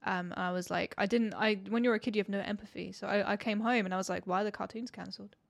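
A woman talks casually and freely, stringing thoughts together with fillers and the odd swear. Her pitch sits in the middle for a woman. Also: steady tone, quick pace, gravelly, no room sound, studio quality. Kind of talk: casual chat.

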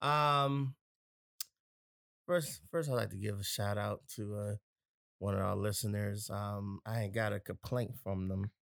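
A young man with a New Orleans accent hosting a casual podcast, joking and telling stories in relaxed slang. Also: on the low side, measured pace, gravelly, no room sound, clean studio sound. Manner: laid-back, joking storyteller with slang. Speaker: podcast host.

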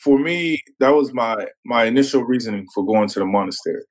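In an animated, brisk mid-range voice, a former pro football player shares stories as a podcast guest in a casual interview. He stays relaxed, drops "man" a lot, and imitates other people's words, all on poor audio.

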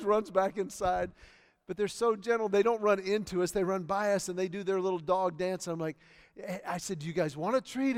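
High-voiced pastor preaching in a reverberant hall. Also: male voice, smooth. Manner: storytelling, emphatic and conversational. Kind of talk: sermon. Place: church sanctuary.

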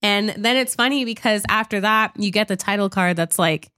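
A woman's voice: mid-range voice, normal speed, bright, forceful tone, no echo, studio quality. A young woman chatting casually about a film, laughing often and acting out lines. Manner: chatty, laughs often, acts out quotes with a swear. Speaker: podcast co-host. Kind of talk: casual chat reviewing a film.

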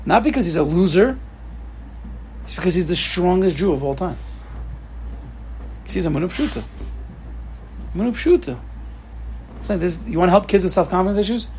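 A man's voice: sits high, lively intonation, fairly quick, pauses often, a little mellow, a little hiss or hum. A man giving an informal class to students, emphatic, repeating key phrases and mixing in Hebrew and Yiddish terms. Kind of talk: informal lecture with questions to students.

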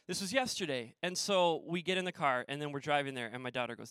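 A man's voice: fairly high pitch, racing, hardly any pauses, a bit bright, smooth, no room sound. A forty-year-old man from Minnesota, a pastor opening his sermon with rambling, self-deprecating stories full of ums. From Minnesota, USA. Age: 40s. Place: church sanctuary stage.

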